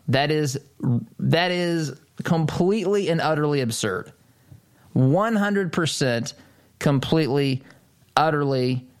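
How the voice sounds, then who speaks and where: A man hosting a political commentary show, talking emphatically and incredulously, repeating phrases for stress. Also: medium pitch. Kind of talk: opinion commentary monologue.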